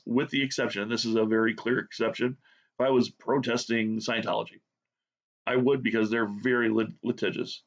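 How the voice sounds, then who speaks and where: Man, 40s, mid-pitched; sarcastic profane rambling monologue, dull low-fi recording. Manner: sarcastic, heavy swearing, rambling. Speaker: drawing video host.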